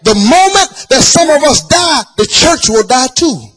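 A man preaching a sermon in a shouted, sing-song cadence. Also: very high-pitched, sing-song, unhurried.

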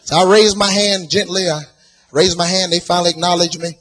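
A preacher in a church, delivering a sermon in a sing-song chanting cadence and putting questions to the congregation. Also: male voice, high-pitched, level tone, brisk, fairly bright tone.

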